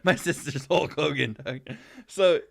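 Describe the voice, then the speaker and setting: A young adult man with a voice on the high side and some vocal fry speaks unhurriedly in a dry recording. As a podcast co-host, he rambles through stories in casual, profane chat, laughing often and swearing freely.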